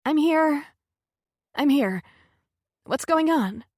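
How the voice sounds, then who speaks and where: A woman voicing a heartbroken young woman who speaks through tears in halting, broken phrases. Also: sits high, expressive, no room sound, studio quality, voice pushed up. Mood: tearful. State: tearful.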